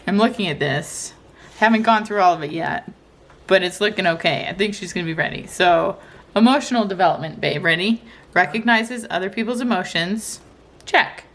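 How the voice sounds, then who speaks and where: A woman's voice: fairly low pitch, normal speed, fairly bright tone. Chatty young mother vlogging. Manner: chatty, with many fillers and restarts. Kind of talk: casual family vlog chat.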